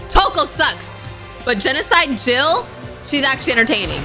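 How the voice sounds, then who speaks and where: A young woman streamer talks through her game in an animated, joking way, chatting straight to her viewers. Her voice is bright and a little high, with faint game music behind her. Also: normal speed. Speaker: gaming streamer. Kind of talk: let's-play commentary.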